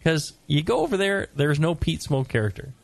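A middle-aged American man co-hosting a casual brewing talk show, joking and lively, sometimes putting on gruff voices. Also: fairly high pitch, normal speed, no room sound. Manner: animated, joking, mock-gruff put-on voices. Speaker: podcast co-host, brewing expert. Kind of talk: casual chat.

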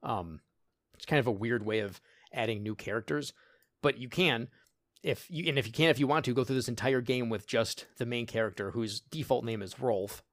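A man in casual podcast chat, animated and quick to laugh, slipping into little voices as he retells scenes. His voice sits mid-range and sounds dry and close, with no room around it. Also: medium pitch, no echo. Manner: animated storyteller acting out game dialogue, frequent laughs. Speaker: podcast co-host.

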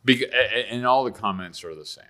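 A man with a deep but bright voice chats as a guest author. He talks haltingly and often doubles back to repeat a word before going on. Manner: halting, with frequent restarts and repeated words. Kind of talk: casual conversation.

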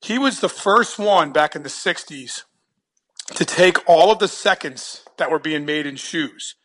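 Jersey guy telling a story, kinda high bright voice, chatty, trips over his words, laughs a lot. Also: animated, unhurried. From New Jersey. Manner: chatty, repeats words when starting sentences, laughs often. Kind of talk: casual storytelling.

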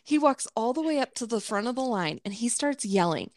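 A woman co-hosting a casual podcast, telling a story in a lively way, acting out quotes and swearing. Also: on the high side, a little fast, no room sound, clean studio sound. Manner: animated, acts out quotes, swears. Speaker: podcast co-host.

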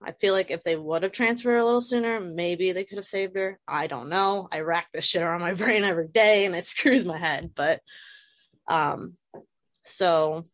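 Woman, 30s, low voice, dry sound, candid and emotional, video-call guest. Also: no echo. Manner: frank, emotional, swears casually. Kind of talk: candid personal conversation.

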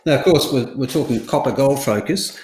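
A man hosts an interview, asking questions and slipping in frequent fillers. His voice sits at a middle pitch and carries a roomy echo. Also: brisk, darkish tone, slight background noise. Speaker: podcast host.

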